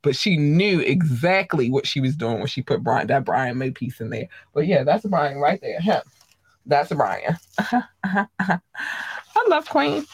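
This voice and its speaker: A host of a live streamed show, chatting casually with viewers, excitable and gushing, tripping over words. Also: mid-range voice, a little slow, breathy edge, dry recording. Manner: addresses viewers directly, chatty.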